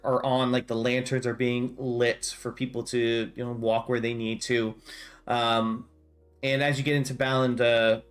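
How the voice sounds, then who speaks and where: Game master brief: young man, relaxed narration, lots of uh and kinda, music under it. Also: mid-range voice. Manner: loose narration full of fillers like uh and kinda.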